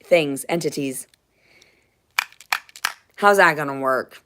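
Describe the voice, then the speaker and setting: A woman ranting angrily on a livestream in a dim house, swearing and agitated, with sudden loud outbursts into a phone. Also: low-pitched, slow pace, background noise. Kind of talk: angry livestream rant.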